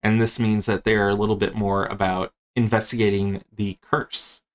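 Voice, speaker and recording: A man's voice: lowish voice, little pitch movement, moderate pace. A man who presents tabletop games, casually walking through a rulebook in a rambling way with many fillers. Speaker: game master and tabletop game presenter.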